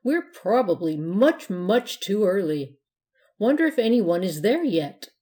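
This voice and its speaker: A woman's voice: medium pitch, very animated, unhurried. A woman voicing a cheerful, polite young witch in a storybook reading. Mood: puzzled. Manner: bright, prim, eager.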